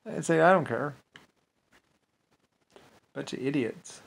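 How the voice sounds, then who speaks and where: A man's voice: a little high, takes it slowly, gravelly, slight background noise. Rambling, profane man ranting alone. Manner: profane, dismissive rant with frequent filler. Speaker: channel host. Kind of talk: rambling solo monologue.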